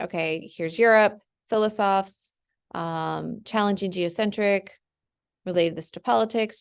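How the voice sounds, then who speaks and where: A woman's voice: lowish voice, gravelly. A young woman teacher talking through an essay outline on screen, chatty and full of ums and "right?". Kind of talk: casual screen-share lesson.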